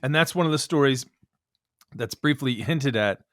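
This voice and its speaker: A man's voice: mid-range voice, normal speed, no room sound, studio quality. A man hosting a podcast interview, asking curious questions and laughing along with the guest. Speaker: podcast host.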